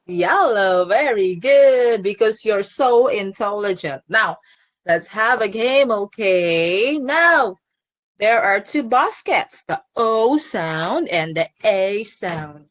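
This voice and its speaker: A woman's voice: medium pitch, lively intonation, slow, muffled recording. A woman teaching an online phonics lesson to a child, cheerful and encouraging, laughing often.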